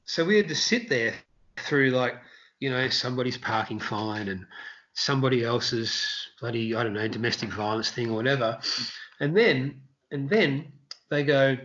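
A man who once worked as a street performer gives a casual interview, telling lively stories and acting out quotes in high-pitched shouts. He speaks at an ordinary speed over lo-fi sound.

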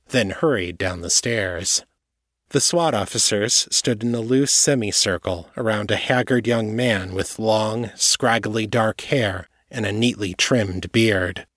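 A man narrating an audiobook chapter in a measured, steady way. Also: lowish voice, no echo, studio quality. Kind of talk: scripted narration.

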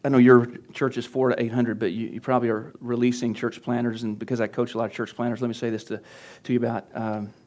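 A pastor teaching church leaders at a conference workshop, talking conversationally and getting animated when he acts out his coaching. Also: medium pitch, quick pace, few pauses. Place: conference session room.

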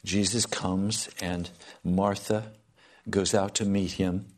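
A man's voice: low voice, little pitch movement, slow. Dramatic male preacher with sweeping delivery. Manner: dramatic, swings between loud pleading and soft hushed tones. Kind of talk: sermon to a congregation.

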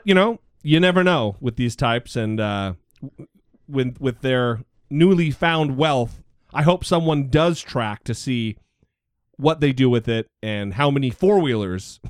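A man's voice: medium pitch, smooth. A male podcast co-host with a sarcastic, outspoken manner and a voice that swings up and down a lot. The recording is close and dry, with no room echo. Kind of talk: casual political chat.

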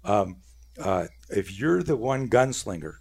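Profane, animated middle-aged storyteller man. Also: on the low side, unhurried, husky. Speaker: podcast guest, self-defense instructor. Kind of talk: casual storytelling chat.

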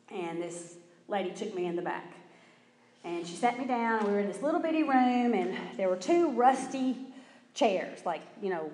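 A woman gives a personal testimony in a church, telling her story with lively acted-out quotes. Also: fairly low pitch. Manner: animated storyteller acting out quotes. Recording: roomy hall with long reverb.

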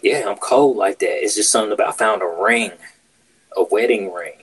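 A man's voice: fairly low pitch, brisk, slightly rough, low-quality recording. A man hosting a podcast, telling a workplace story in casual, profane chat. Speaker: podcast host.

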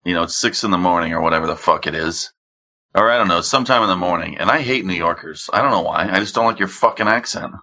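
A man's voice: low voice, fast talker, sharp tone. A man in casual chat, rambling through crude stories and swearing freely.

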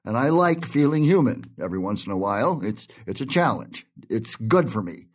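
An actor playing a brash, blustery male film producer in an audio drama, with loud outbursts and muttered asides. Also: medium pitch, big pitch swings, normal speed, breathy edge. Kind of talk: audio drama with inner monologue.

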